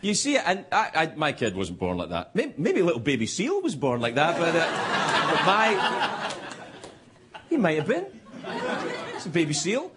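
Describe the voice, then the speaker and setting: A man's voice: on the high side, huge pitch swings, moderate pace, pauses often. A middle-aged man, a late-night host giving a stand-up monologue, rambling and self-interrupting and chuckling at his own jokes, with audience laughter behind him. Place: TV studio with live audience. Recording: noisy studio audio with crowd laughter.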